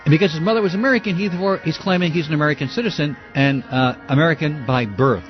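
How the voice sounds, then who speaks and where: A man's voice: on the high side, very fast, muffled recording, soft background music. A man hosting a call-in radio talk show, arguing with callers and ranting in outrage. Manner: heated ranting, shouts in outrage.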